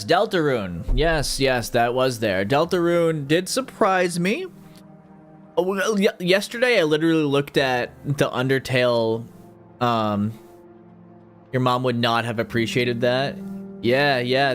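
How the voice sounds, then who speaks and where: A man streaming casually, rambling and joking about games and mocking himself. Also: mid-range voice. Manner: rambling, jokey, self-mocking. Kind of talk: casual livestream chat.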